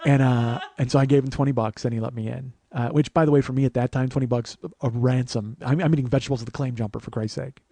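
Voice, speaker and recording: A man in his forties telling a long personal story as host, profane, animated and self-mocking. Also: mid-range voice, fast, vocal fry, hardly any pauses, dry recording. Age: 40s. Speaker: podcast host.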